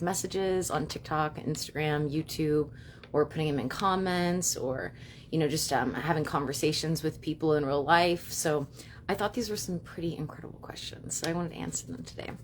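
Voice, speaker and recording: A young woman with a low voice talks quickly into her phone on a home live stream, stringing thoughts together with plenty of fillers. A faint rumble sits behind her. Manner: fast, chatty, many fillers like "you know" and "like". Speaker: livestream host and witch. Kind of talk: casual live-stream talk.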